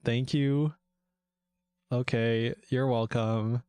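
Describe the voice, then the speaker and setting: A man's voice: mid-range voice, fairly even intonation, drawn-out words, warm tone, clean tone, no echo. Rambling, cussing streamer guy. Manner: rambling and chatty, swears freely, laughs often. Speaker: VTuber game developer streamer. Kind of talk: casual live-stream chat.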